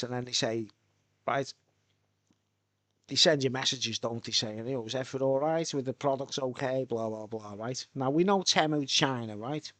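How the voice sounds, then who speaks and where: A man's voice: medium pitch, fairly bright tone, dry recording. A man from Birkenhead with a Merseyside accent, chatting casually on a live stream and tagging "right?" onto his sentences. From Birkenhead, England. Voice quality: chatty, repeats "right?" often. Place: home, tent with soundproof tiles.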